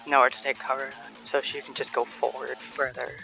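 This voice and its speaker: Male player, gravelly and bright, eager in-game questions. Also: medium pitch, little pitch movement, brisk, soft background music. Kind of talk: casual tabletop game play.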